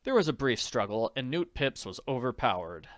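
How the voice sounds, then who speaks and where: A man reading an audiobook in an expressive narrating voice. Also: medium pitch, moderate pace, no echo, clean studio sound. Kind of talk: scripted narration.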